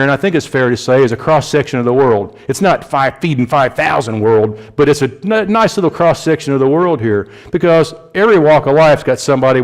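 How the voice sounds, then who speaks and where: A man with an Indianapolis accent preaching a conversational sermon, with frequent restarts and asides. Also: fairly high pitch. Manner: conversational, rambling, frequent restarts and "you know". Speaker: lay preacher.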